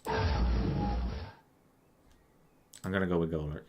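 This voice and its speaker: A young man plays a quiz at his computer, thinking aloud in casual, self-mocking commentary full of swearing. His low-pitched voice stays fairly even and slow. Heavy background noise fills the recording, and mouse clicks are clearly audible behind him.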